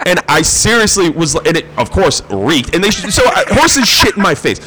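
A man's voice: high voice, moderate pace, a little hiss or hum, poor audio. A young man, swapping stories in casual, profane chat. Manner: profane, animated storyteller.

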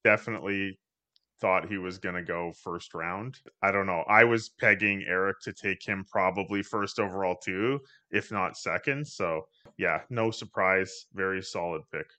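A man's voice: deep voice, moderate pace, pushed and bright. A man chatting casually on a podcast, thinking aloud with many hesitations. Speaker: podcast co-host.

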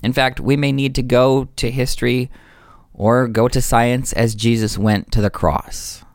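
Speaking at a measured pace with a steady, medium-pitched voice, this man talks about faith with earnest enthusiasm, explaining concepts and self-correcting along the way. It's clean studio sound without echo.

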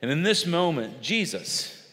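A male pastor preaching an animated storytelling sermon, emphatic and dramatic. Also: on the high side, unhurried, in a large hall. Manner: animated, emphatic, acts out quotes.

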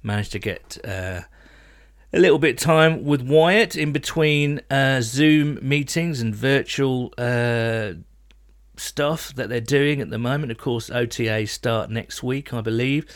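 Chatty podcast host. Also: male voice, medium pitch, unhurried. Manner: relaxed, chatty, frequent fillers. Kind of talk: casual podcast chat.

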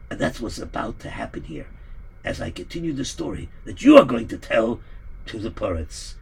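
A man telling a story live, animated and emphatic, stumbling over words at times. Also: medium pitch, vocal fry, husky. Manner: animated, emphatic, halting restarts.

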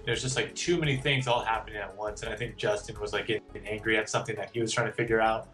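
A man's voice: fairly low pitch, fairly even intonation, fast talker, few pauses, fairly bright tone, far from the mic, faint music behind. A man talking as a guest on a podcast in casual chat, candid and rambling, with many "like" fillers.

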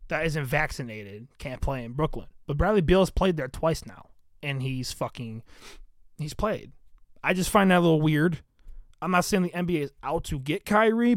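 High-voiced man ranting about basketball. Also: dry recording, clean studio sound. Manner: profane, ranting, animated. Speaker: podcast host. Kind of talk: casual sports chat.

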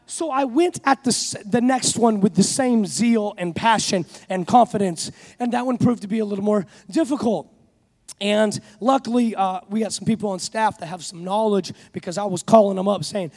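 A pastor preaching a sermon, telling a self-mocking story before building to fervent preaching. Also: male voice, sits high, normal speed, a little mellow, in a large hall.

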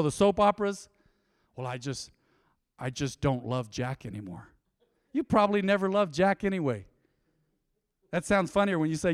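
With a smooth delivery, an emotive male pastor preaches in a high, bright voice, energetically moving between loud bursts and hushed asides. A long hall reverb trails behind his close, dry-sounding voice.

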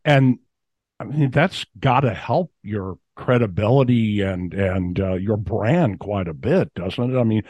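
A man's voice: on the low side, unhurried, darkish tone, husky, dull audio. A man interviewing a guest in an easygoing, encouraging way. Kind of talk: casual interview chat.

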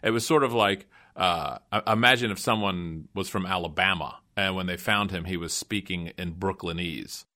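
Casting: male writer, very deep but bright tone, halting phrasing. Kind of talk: interview clip.

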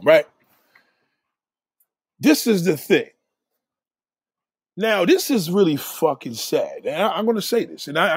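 A man's voice: on the high side, breathy edge, no room sound. A man talking in a blunt, profane casual rant, often repeating himself.

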